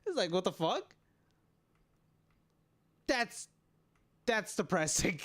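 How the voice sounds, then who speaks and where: A male streamer in casual live-stream chat, excitable and laughing, joking and swearing with his chat. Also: a little high, slow pace, pauses often, clean tone.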